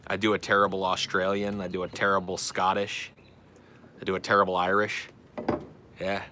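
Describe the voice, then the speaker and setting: Bright-voiced, blunt, swearing man. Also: low voice, a little hiss or hum. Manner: blunt, profane, self-deprecating. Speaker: podcast host answering chat questions. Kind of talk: casual chat.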